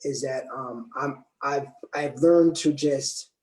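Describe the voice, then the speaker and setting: A man talking calmly and deliberately in a casual discussion, often repeating words as he works out his point. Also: medium pitch. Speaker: panel guest. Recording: echoey room.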